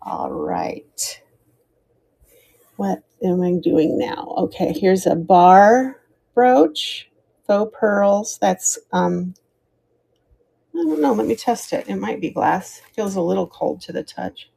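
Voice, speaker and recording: Mellow-voiced American woman selling jewelry live. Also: medium pitch, very animated, slow, vocal fry, slightly rough. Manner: chatty, calls out starting prices and thanks viewers by name. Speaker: live-stream jewelry seller. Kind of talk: live auction stream chat.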